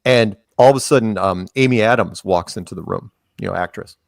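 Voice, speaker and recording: Gravelly rambling male storyteller. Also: on the low side, quick pace, dry recording, studio quality. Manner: rambling storyteller, acts out quotes. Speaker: podcast guest. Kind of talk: casual interview chat.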